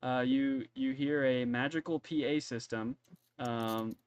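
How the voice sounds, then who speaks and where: A man's voice: mid-range voice, fairly even intonation, a little slow, no room sound. A male game master runs a tabletop session in a loose, rambling way. He restarts words often. His voice sits mid-range and sounds dry and close. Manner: casual, rambling, stumbling on words.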